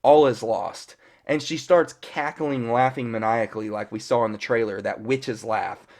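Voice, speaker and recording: A man's voice: medium pitch, moderate pace. Man rambling through a casual recap. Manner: rambling, full of fillers and mild swearing. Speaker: fan reviewer.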